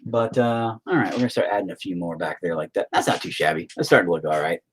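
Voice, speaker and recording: A man's voice: low-pitched, expressive, quick pace, slight background noise. A man chatting casually while he paints, rambling and joking with frequent swearing. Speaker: painting streamer.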